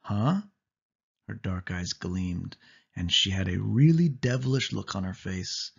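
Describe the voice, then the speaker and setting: A man reading a children's storybook aloud in steady first-person narration. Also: low-pitched, measured pace, creaky, husky. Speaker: audiobook reader. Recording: dull lo-fi audio.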